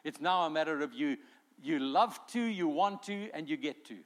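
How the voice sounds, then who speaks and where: A male pastor delivering a sermon, animated and emphatic, acting out quotes with rising force. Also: fairly high pitch, moderate pace. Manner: animated preaching, voices quotes with swelling emphasis.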